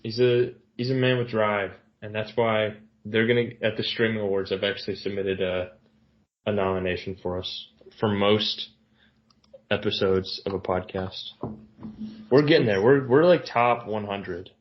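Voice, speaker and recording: Guy cohosting a podcast, kinda low voice, goofy and self-deprecating, sounds a bit dull and lo-fi. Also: normal speed. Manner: animated, jokey, self-deprecating. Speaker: podcast co-host. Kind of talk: casual chat.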